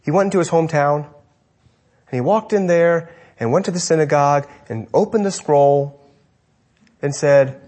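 A male pastor preaching a sermon, emphatic, often dropping to a hush to stress a point. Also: a little high, normal speed, pauses often.

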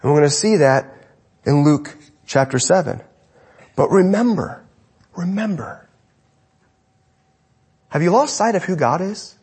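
Guy preaching, swoops all over the place, emphatic, goes quiet to make a point. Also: a little high, lively intonation, moderate pace, slightly rough. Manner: emphatic, drops to a hush for stress. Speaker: pastor. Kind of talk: sermon.

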